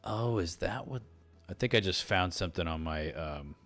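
A man's voice: sits low, expressive, moderate pace, a bit bright, soft background music. A man hosting a casual discussion show, rambling with lots of fillers and restarts into a desktop mic. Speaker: podcast host. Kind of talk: casual chat. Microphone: desktop mic through streaming software.

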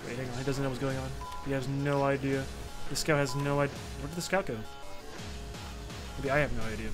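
A young man giving excitable, swearing, self-mocking commentary while he plays a game. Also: medium pitch, fairly quick, over music. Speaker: gamer. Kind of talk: casual gameplay commentary.

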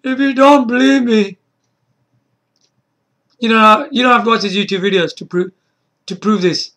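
A man making an excited casual video, beatboxing between lines and breaking into high shouts. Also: moderate pace. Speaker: YouTuber.

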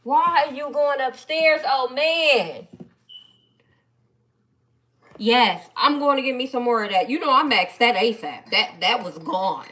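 Bright, chatty woman live-streaming. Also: high voice, a little slow, few pauses. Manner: animated, playful, chatty, talks back to viewers. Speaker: live-stream host reading viewer comments. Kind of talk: casual live-stream chat.

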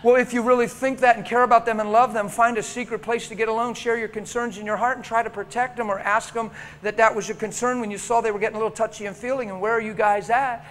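A man's voice: extremely high pitch, fast talker, few pauses. A middle-aged male pastor telling a story in a sermon, acting out the dialogue with emotion. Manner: animated, acts out dialogue, emotional. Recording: reverberant hall with faint noise.

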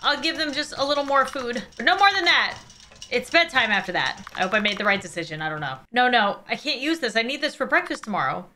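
A woman voicing a lonely young girl who talks herself quietly and uneasily through daily chores, reading game dialogue aloud. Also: fairly high pitch, lively intonation, fast talker, a little hiss or hum. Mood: worried. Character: lonely young girl caring for monsters alone.

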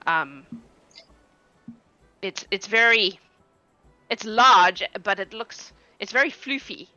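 A woman's voice: medium pitch, lively intonation, slow, bright, forceful tone, dry recording, highs cut off, faint music behind. A fussy, welcoming fisherwoman, as a woman puts her on. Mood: worried. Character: brisk hospitable human fisherwoman of a small village.

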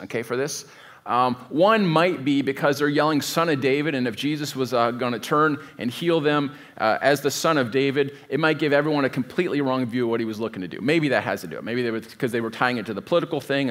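A man's voice: medium pitch, a bit bright. A man preaching a sermon as pastor, in a conversational, digressive way, often stopping to rethink a sentence. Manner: conversational, digressive, thinks aloud mid-sentence.

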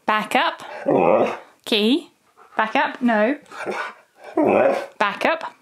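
A woman's voice: fairly high pitch, drawn-out words, a bit bright. A woman who makes dog videos, playfully coaxing her dog through tricks and laughing often. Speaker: dog owner and video maker. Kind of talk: talking to her dog during trick training.

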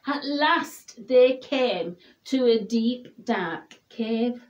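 Woman, bedtime story reader, high and very expressive, slow and gentle. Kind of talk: reading a children's picture book aloud.

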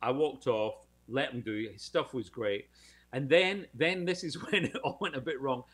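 A man's voice: medium pitch, moderate pace, a bit bright, husky. A British man telling a showbiz anecdote in casual podcast chat, acting out the voices of people in his story. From United Kingdom.

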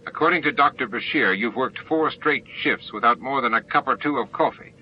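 A man's voice: mid-range voice, a little fast, lo-fi sound, a little hiss or hum, pitched above the performer's own voice, natural voice. A man voicing a stern but caring male starship captain who gives firm orders.

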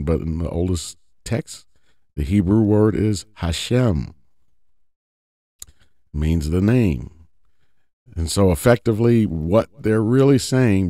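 A man's voice: low voice, mellow, dry recording, clean studio sound. A man giving an informal scripture teaching, emphatic, often repeating and restarting words and asking rhetorical questions. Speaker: Bible teacher.

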